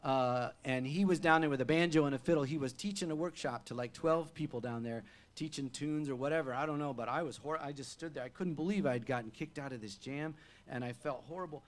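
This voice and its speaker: A male singer-songwriter telling an animated stage story between songs at a live music venue, chatty with fillers and restarts. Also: mid-range voice, quick pace.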